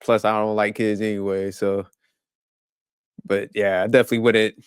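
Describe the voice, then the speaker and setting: A man's voice: lowish voice, flat delivery, moderate pace, clean tone, no room sound, clean studio sound. Blunt, profane man in his forties. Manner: blunt and profane, laughing at himself. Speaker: podcast host. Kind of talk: casual chat.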